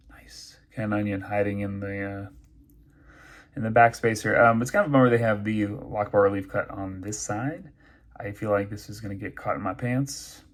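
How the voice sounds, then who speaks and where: A man reviewing knives and pens in a casual unboxing, chatty and thinking aloud with many fillers. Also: lowish voice. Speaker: knife and pen reviewer.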